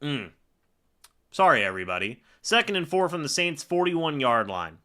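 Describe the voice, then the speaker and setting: A man's voice: fairly high pitch, big pitch swings, moderate pace, sharp tone. A man on a live stream calling each play and ranting in angry exasperation at the referees. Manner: reads plays aloud like commentary. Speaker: sports reaction streamer.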